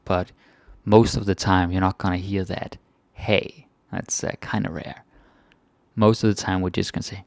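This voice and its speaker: A man's voice: low voice, steady tone, moderate pace, creaky, darkish tone, no echo. A Danish man teaching phrases in a casual, chatty lesson, repeating each one with varied intonation. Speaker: language teacher.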